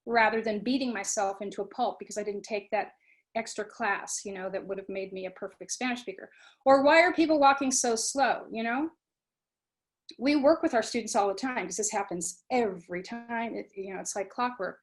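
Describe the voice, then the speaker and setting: A woman giving a talk on mindfulness, animated, acting out students' inner voices and often asking "right?" and "you know". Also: on the high side, moderate pace. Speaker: guest speaker on mindfulness. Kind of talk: talk to a webinar audience.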